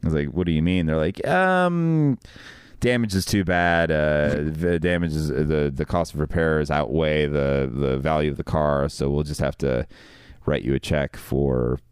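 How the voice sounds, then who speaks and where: A young man hosting a podcast, telling a story in an animated way and acting out the people in it. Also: a bass voice, normal speed, clean tone, no echo, studio quality. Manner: animated storyteller, voices others in his anecdotes. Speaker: podcast host. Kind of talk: casual storytelling chat.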